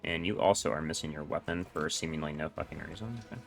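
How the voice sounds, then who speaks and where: Deep, gravelly male game streamer. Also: fast talker, a bit bright, faint music behind. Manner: casual, profane, explaining game mechanics. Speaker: streamer playing a role-playing game. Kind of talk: casual gameplay commentary.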